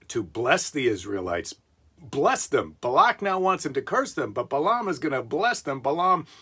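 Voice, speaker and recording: A man with a slightly high, fairly bright voice reads a Bible story aloud as a comedy podcast host. Between passages he breaks off into wry, joking asides.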